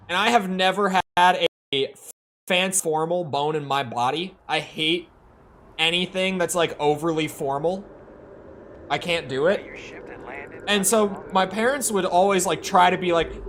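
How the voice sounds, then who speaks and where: A man's voice: sits high, unhurried, fairly bright tone, slight background noise. A man streaming a game, chatting casually with rambling, self-correcting, sarcastic asides. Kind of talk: casual gameplay commentary.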